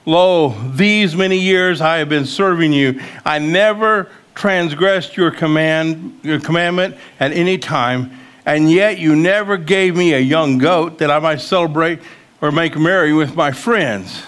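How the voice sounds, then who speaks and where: A man's voice: a little high, unhurried, a bit bright, clean tone. A man preaching a sermon. He reads scripture aloud and talks plainly, with emphatic questions in places. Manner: conversational, rises to emphatic questioning.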